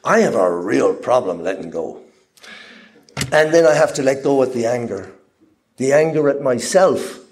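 Gravelly-voiced man sharing his recovery. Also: medium pitch. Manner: candid, rambling, frequent restarts and repeated words. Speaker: speaker at a recovery convention. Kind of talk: personal recovery share.

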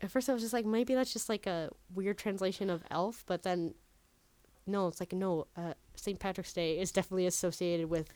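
A woman's voice: mid-range voice, fairly even intonation, a little fast, a little mellow, no echo. A woman co-hosting a podcast, telling a story in casual chat and leaning heavily on "like". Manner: chatty storyteller, heavy use of "like". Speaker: podcast co-host.

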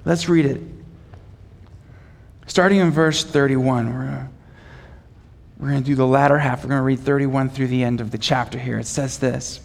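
A man preaching a sermon as pastor, swinging between quiet, measured passages and loud, rising emphasis, calling the congregation to repeat lines after him. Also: medium pitch, steady tone, creaky. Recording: long reverb of a large hall.

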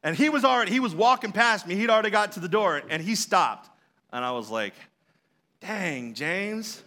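A man's voice: sits high, animated, fast, pushed and bright. A man preaching a sermon, telling a story in a conversational way and joking with the congregation. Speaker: pastor.

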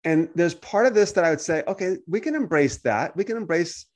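Animated man, pastor hosting a podcast. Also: fairly high pitch, brisk. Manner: animated storytelling, acts out quoted voices. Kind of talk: casual conversation.

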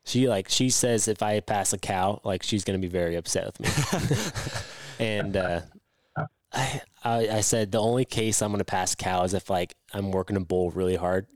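A man's voice: lowish voice, steady tone, moderate pace, no echo. A man co-hosting a podcast, talking in an easygoing, casual way. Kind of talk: casual chat.

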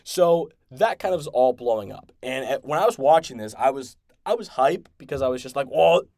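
A man hosting a podcast, excitedly recapping and reviewing an episode in a rambling, casual way with many restarts. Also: mid-range voice, brisk, no echo, studio quality. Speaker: podcast host.

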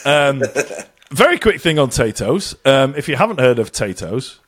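A man's voice: mid-range voice, normal speed, husky. A man from England, co-hosting a casual podcast chat, ranting tongue-in-cheek and quoting people in put-on voices. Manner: animated, swearing, tongue-in-cheek rants with put-on quotes. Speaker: podcast co-host living in Ireland.

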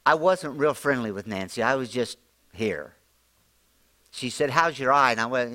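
A man preaching an informal, folksy sermon, often climbing higher and louder as he drives a point home. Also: lively intonation, normal speed. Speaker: pastor.

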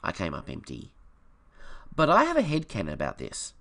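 A man's voice: deep voice, wildly swooping pitch, normal speed, pushed and bright. A man giving casual, enthusiastic fan commentary on a film, with opinionated asides. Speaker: film reviewer.

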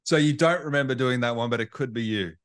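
An easygoing man hosts a casual interview and laughs often. He speaks at a middle pitch. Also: fast, fairly bright tone, a little hiss or hum. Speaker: podcast host.

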